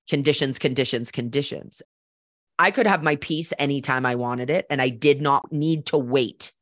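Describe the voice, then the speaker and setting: A woman's voice: rumbling low, no room sound, clean studio sound. A woman hosting a personal storytelling podcast, candid and conversational with some casual swearing, turning reflective and earnest as she draws lessons. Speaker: podcast host.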